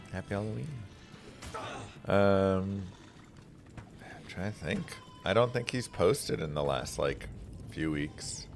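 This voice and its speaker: Male streamer, very low voice, dry unhurried chat, faint music behind. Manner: dry, unhurried, musing aloud. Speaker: game streamer. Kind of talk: casual chat reading viewer messages.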